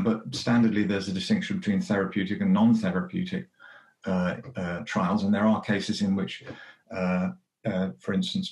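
A man who answers a panel question in a measured, careful way and repeats words as he thinks. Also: on the low side, a little mellow, reverberant.

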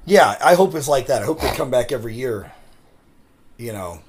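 A man's voice: mid-range voice, expressive, normal speed, husky. A man co-hosting a casual podcast, rambling through stories, laughing often and swearing casually. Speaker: podcast co-host. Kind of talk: casual chat.

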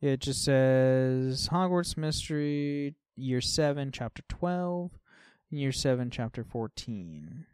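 A podcast co-host chats casually about a game, his medium-pitched voice lively in intonation as he takes things slowly and smoothly. He leans on "like" and tends to trail off softly. The recording is dry and studio quality.

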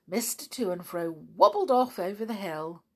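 A woman reading a children's storybook aloud in a gentle, expressive, unhurried way. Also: mid-range voice.

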